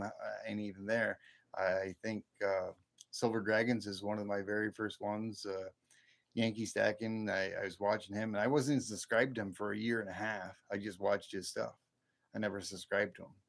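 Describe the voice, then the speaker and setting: Gravelly low-voiced man chatting on a stream. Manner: rambling, folksy, thanks viewers by name. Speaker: livestream host. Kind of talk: casual live-stream chat.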